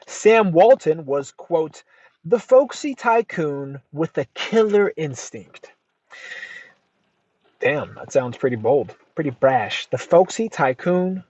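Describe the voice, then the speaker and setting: American male podcast host, slightly high voice, reads a business book aloud with asides; dry, dull, lo-fi sound. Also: darkish tone, slightly rough, no room sound. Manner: deliberate reading, says "quote" aloud before quotations. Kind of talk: reading a nonfiction book aloud with commentary.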